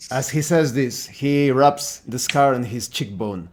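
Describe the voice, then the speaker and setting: A man narrating as game master of a tabletop horror game in a measured, descriptive way. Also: mid-range voice, a little mellow.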